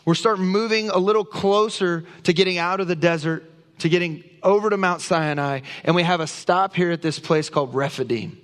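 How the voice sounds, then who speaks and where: A pastor delivers a sermon, a man whose voice sits a touch high for a man. He reads scripture and presses his points with earnest emphasis. His words ring out with a long reverb through a church sanctuary. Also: brisk, a bit bright.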